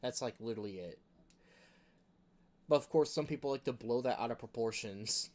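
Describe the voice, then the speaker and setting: A man's voice: medium pitch, normal speed, darkish tone. A man hosting a gaming video, talking in a rambling, casual rant full of filler words. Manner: rambling, chuckling, heavy use of filler words.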